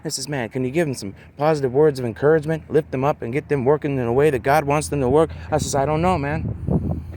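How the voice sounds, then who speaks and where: A man talking in a loose, rambling monologue, peppering his talk with "man" and "you know" and slowing down to stress words. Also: medium pitch, fairly even intonation, a little mellow, a little hiss or hum.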